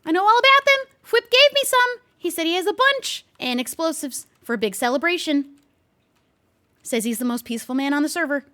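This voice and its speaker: A woman with a high, light voice streams a game in a loose, chatty way. She is jumpy and easily startled, and she keeps talking to a hidden player she can't spot. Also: expressive, fairly quick, pushed and bright. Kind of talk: casual gameplay commentary with light role-play.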